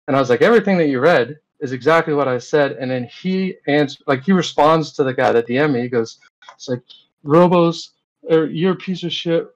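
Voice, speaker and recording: Man, interview guest, casual rambling storyteller, lots of fillers, mid-pitched voice, slightly muffled lo-fi sound. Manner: rambling, with many fillers and retold dialogue.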